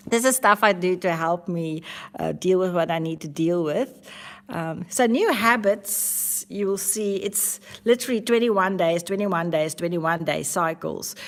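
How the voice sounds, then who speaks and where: A woman vlogger talking casually and candidly to camera about her self-help habits, earnest, with frequent restarts. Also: fairly low pitch.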